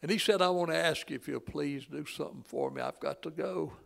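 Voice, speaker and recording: A man, preaching a sermon in a folksy storytelling way that swells loud and drops to a hush. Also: a little high, brisk, vocal fry. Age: 80s.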